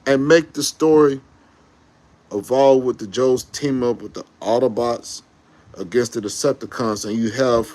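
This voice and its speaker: Brief: male vlogger, average pitch, excitable slangy fan rant, rambling with self-corrections. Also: measured pace. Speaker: YouTube commentator. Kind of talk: casual fan rant to camera.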